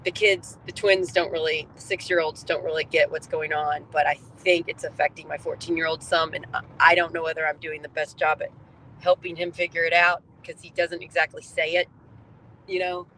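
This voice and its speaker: A woman's voice: low voice, little pitch movement, a little fast, sharp tone, poor audio. A woman speaks candidly in a personal vlog, chatty and heartfelt, leaning on fillers as she thinks aloud. She is recording inside a car, with faint road noise underneath. Her talk runs open and unguarded. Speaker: vlogger sharing her health journey.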